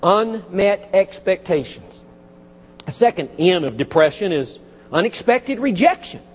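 A man preaching from the pulpit, his voice unusually high and husky. He rises and falls with lively emphasis and drops in folksy asides. The sound is dull, and a long church echo trails each phrase. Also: measured pace. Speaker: pastor. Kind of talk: sermon. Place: church sanctuary.

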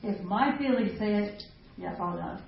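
A middle-aged woman leads a live women's ministry talk, chatty and self-mocking, laughing often between points. Her medium-pitched voice is expressive, at normal speed, with vocal fry. A distant mic in an echoey hall gives dull lo-fi sound with faint noise.

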